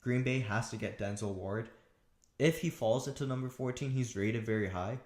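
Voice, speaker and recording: A man's voice: mid-range voice, normal speed, darkish tone, echoey room. A man talking through football draft picks alone, casual and thinking aloud with frequent restarts. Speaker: sports commentator. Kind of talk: solo draft analysis talk.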